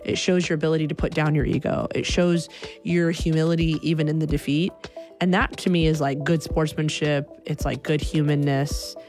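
A young adult woman telling a personal story in an animated way, acting out the people in it. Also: low-pitched.

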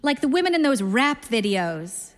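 A woman voicing a flirtatious, restless middle-aged mother with a breathy, playful lilt, read aloud in a story. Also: high-pitched, very animated, normal speed, pitched above the performer's own voice. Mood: flirty.

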